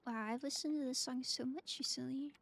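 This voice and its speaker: A woman's voice: high voice, fairly even intonation, brisk, gravelly, a bit bright, a little hiss or hum. A woman streamer chatting casually and playfully while gaming, humming silly sing-song noises.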